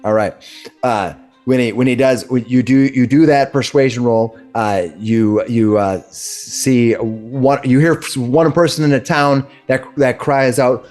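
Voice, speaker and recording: A man narrating as game master in a tabletop game, halting and restarting often. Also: medium pitch, steady tone, darkish tone, faint music behind. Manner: halting, many repeated restarts.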